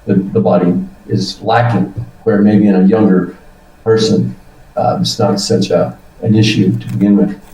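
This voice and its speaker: Older guy in his 70s, mellow dark voice, rambly and swears a bit, sounds far off the mic in a roomy space. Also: lowish voice, steady tone, normal speed. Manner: rambling storyteller, swears casually, acts out his own reactions. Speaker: guest. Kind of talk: casual testimonial chat.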